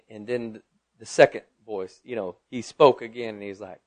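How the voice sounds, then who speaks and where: A middle-aged man preaching a sermon, moving from loud declarations to quiet personal storytelling. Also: medium pitch, expressive, moderate pace. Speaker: pastor.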